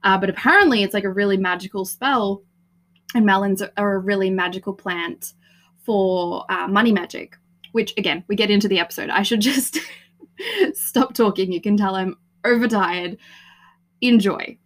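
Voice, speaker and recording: A woman's voice: medium pitch, normal speed, low-quality recording. A woman with an Australian accent hosting a podcast, chatty and giggly, rambling between thoughts. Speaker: podcast host. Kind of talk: casual chat.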